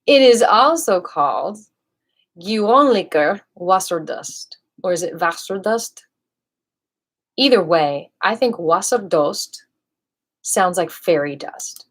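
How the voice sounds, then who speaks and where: A woman hosting a live video, reading dictionary entries aloud with playful, musing asides to viewers and occasional soft whispers. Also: lowish voice, lively intonation, slow.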